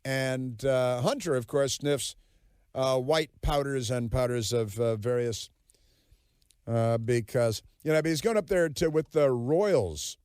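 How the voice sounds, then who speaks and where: A man's voice: medium pitch, slow pace, a little mellow, clean tone, dry recording, studio quality. A man hosting a political talk radio show, delivering a sarcastic, mocking monologue with plenty of fillers.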